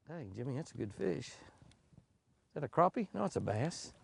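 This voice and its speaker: A man's voice: on the high side, big pitch swings, moderate pace, vocal fry, pauses often, dry recording. A man hosting a fishing show from a boat on a lake, exclaiming over each catch, chuckling, and talking to himself. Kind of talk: excited fishing commentary.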